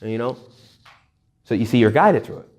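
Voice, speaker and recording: A man's voice: mid-range voice, fairly quick. A man giving a humorous retreat talk to young adults, joking and acting out little quoted voices. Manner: jokey, animated, acts out little quoted voices. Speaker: retreat speaker.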